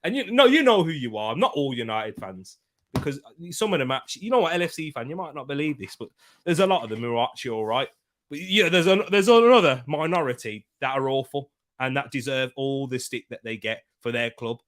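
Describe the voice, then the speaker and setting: Hosting a live football watchalong, a young man chats casually, trading banter with viewers, reading their chat comments aloud and laughing a lot. He speaks at medium pitch with lively intonation, a fairly quick pace and a fairly bright tone.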